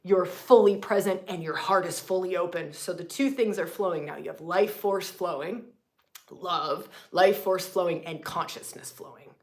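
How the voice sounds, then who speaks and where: A woman leading a spiritual teaching session live, swinging from loud, emphatic, profane lines to hushed whispers and repeating phrases for effect. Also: on the low side, moderate pace. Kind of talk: impassioned spiritual teaching on a livestream.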